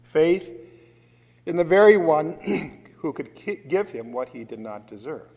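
Slow, emphatic male preacher in a hall. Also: a little high, sing-song, dull audio. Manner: emphatic, deliberate preaching with strong swells in loudness. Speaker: pastor. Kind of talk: sermon. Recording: long reverb of a large hall.

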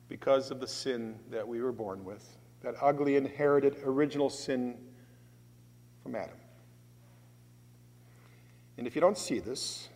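Slow, emphatic male preacher in a hall. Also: mid-range voice. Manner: emphatic, deliberate preaching with strong swells in loudness. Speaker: pastor. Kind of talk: sermon. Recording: long reverb of a large hall.

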